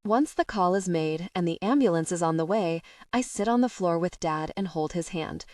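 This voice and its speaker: A woman narrating a first-person romance audiobook in an intimate, unhurried way. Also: on the low side, expressive, a little mellow, dry recording, studio quality.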